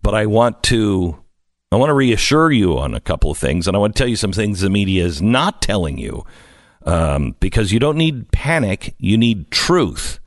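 Radio host guy, pitch bouncing all over, chatty with lots of uhs, dry close mic. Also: big pitch swings, no echo. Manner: conversational, with frequent "uh" pauses. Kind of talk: radio monologue and ad reads.

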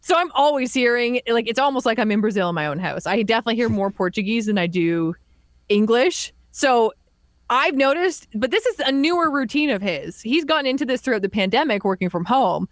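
A woman's voice: on the high side, animated, fairly quick, no echo. A woman from Ontario in casual podcast chat, talkative and full of "like". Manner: chatty, runs on with "like".

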